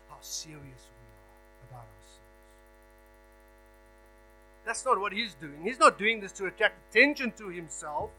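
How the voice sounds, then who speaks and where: A man preaching a sermon as a guest preacher, emphatic, swinging between a hush and raised stress, often repeating words as he builds a point. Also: sits high, low-quality recording. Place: church hall. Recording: faint mains hum.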